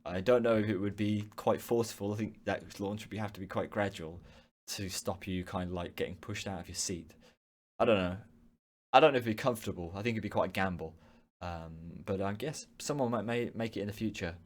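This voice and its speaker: Young male host from the UK, fairly low voice, chatty and rambling, answering viewers live. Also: a little fast. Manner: rambling, frequent ums and restarts. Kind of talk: casual live-stream chat.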